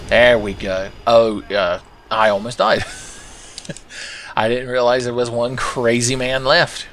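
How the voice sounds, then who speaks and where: A man's voice: mid-range voice, little pitch movement, slow pace, fairly bright tone, a little hiss or hum. A man commentating his own gameplay with sarcastic, profane, rambling asides. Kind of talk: let's play commentary.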